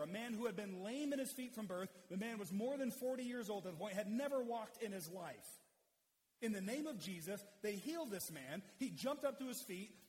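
A man preaching an expository sermon in a conversational, explanatory way. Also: high-pitched. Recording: long hall reverb.

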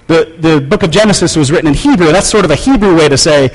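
A man's voice: a little high, big pitch swings, fast, hardly any pauses, breathy edge. A man preaching a sermon in a conversational, emphatic way with touches of wry humor. He sounds like a pastor speaking in a church sanctuary, and his voice carries the long echo of a large hall.

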